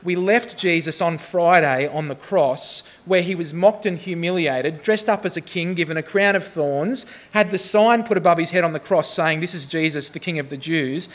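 Male pastor, sermon delivery, humorous and self-deprecating, voice sitting a touch high. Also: fairly bright tone.

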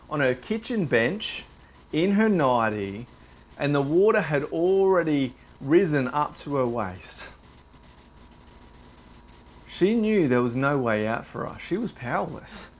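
A young man preaching a sermon, telling the story with animated, dramatized delivery. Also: medium pitch.

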